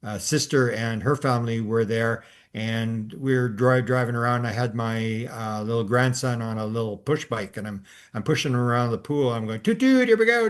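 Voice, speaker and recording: An older man hosting a podcast, telling a long story in a casual, rambling way with many restarts and fillers. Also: medium pitch. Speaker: podcast host.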